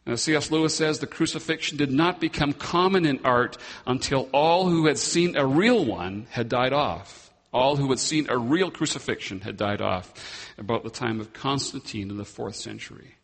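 A man preaching a sermon as pastor, slow and emphatic, with long dramatic pauses. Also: medium pitch, lively intonation, in a large hall.

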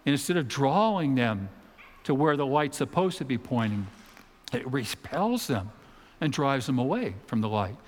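A man preaching a sermon in a church auditorium, talking in a conversational way with dramatic pauses and the odd mock voice. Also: mid-range voice, big pitch swings, big-room sound. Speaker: pastor.

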